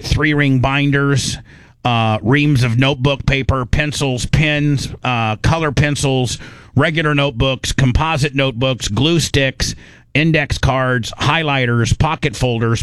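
A man's voice: mid-range voice, steady tone, a little slow, fairly bright tone, clear, resonant tone, no room sound. A man hosting a radio show, talking loosely and joking, with a lot of "uh"s. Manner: rambling, joking, many fillers. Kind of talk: casual studio banter.

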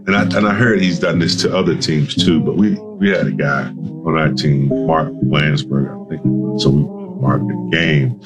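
A man with a low, deep voice tells a story, acting out other people's lines as he quotes them. Loud music plays under him throughout this clip. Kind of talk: anecdote in a played clip.

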